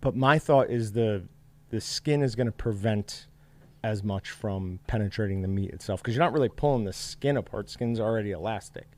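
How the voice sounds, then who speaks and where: A man's voice: lowish voice, moderate pace. A man hosting a casual livestream, chatty and upbeat, reading viewer comments aloud. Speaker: livestream host.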